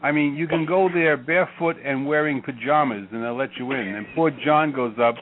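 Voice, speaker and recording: A man's voice: on the high side, a little fast. An older man hosting a call-in radio show, talking bluntly, sarcastic and profane. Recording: phone-like line.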